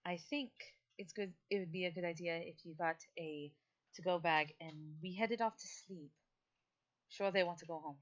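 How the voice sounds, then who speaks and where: A blunt, weary adventurer woman, as a woman game master puts her on, dry and exasperated and pitched a touch higher than the narration. The recording is slightly dull and lo-fi, and the voice sits on the low side. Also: normal speed, lightly acted.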